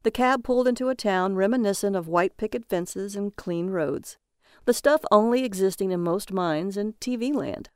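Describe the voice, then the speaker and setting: Woman narrating a story, steady, smooth voice, dry close sound. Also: medium pitch, normal speed, no room sound. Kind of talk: audiobook reading.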